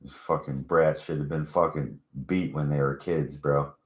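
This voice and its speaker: A man's voice: a bass voice, steady tone, moderate pace. A man hosting his own channel, telling a story in a loose, profane, mocking rant. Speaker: channel host. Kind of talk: casual rant to camera.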